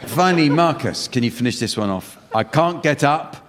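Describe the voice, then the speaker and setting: A man hosting a comedy panel game on stage before a live audience, dry and deadpan. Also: mid-range voice, normal speed. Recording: reverberant hall, loud noise.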